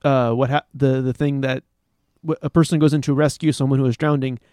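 A man co-hosting a casual news podcast, explaining stories haltingly with many restarts and frequent laughs. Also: medium pitch, flat delivery, warm tone, dry recording, studio quality. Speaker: podcast co-host. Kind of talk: casual chat.

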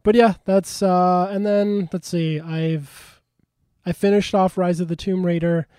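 A man's voice: high voice, steady tone, unhurried, mellow, clear, resonant tone, no room sound, clean studio sound. A man hosting a casual chat, rambling with lots of fillers and easy chuckles. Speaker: podcast host and game streamer.

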